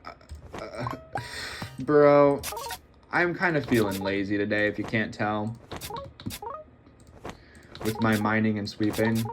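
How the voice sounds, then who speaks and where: A man's voice: lowish voice, slow pace, pauses often, noisy background. A young man giving casual, rambling and wry commentary while playing a computer game. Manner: rambling, wry and self-mocking. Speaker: gaming video host.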